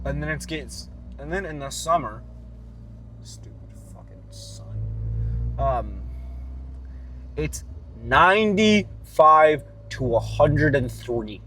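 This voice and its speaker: A man's voice: on the high side, animated, slow pace, bright, forceful tone, a little hiss or hum. Profane rambling man vlogging from a car. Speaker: fitness vlogger. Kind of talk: casual vlog rant.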